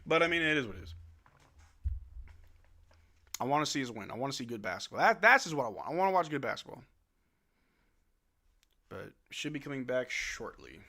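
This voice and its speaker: Bright-voiced young man calling a game. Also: mid-range voice, big pitch swings, fairly quick, pauses often. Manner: laid-back, resigned, swears then apologizes. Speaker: live stream watch-along host. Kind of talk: casual fan play-by-play commentary.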